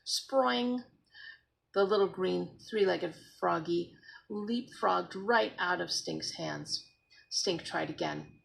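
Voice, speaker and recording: A woman's voice: on the low side, measured pace, vocal fry, fairly bright tone, low-quality recording. A woman expressively reading a children's book aloud as a storyteller. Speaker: storybook reader.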